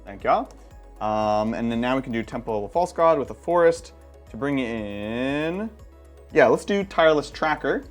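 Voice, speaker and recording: A man chats at a card game table with a lively, swooping voice. He explains his cards in a playful way and laughs often. Faint music plays behind him. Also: medium pitch, normal speed. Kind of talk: casual game-table chat.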